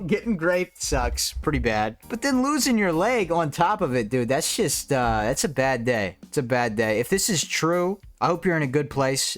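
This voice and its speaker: A man in his twenties reacting to viewer comments in a blunt, crude, mocking way, jumping between high rants and low mutters. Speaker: content creator.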